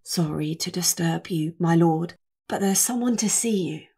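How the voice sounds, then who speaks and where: A nervous, plain-spoken male servant from a storybook, voiced by a woman. He talks hesitantly in a soft half-whisper, a little higher than the surrounding narration but still gravelly. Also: a little slow. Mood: uneasy. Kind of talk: audiobook character voice.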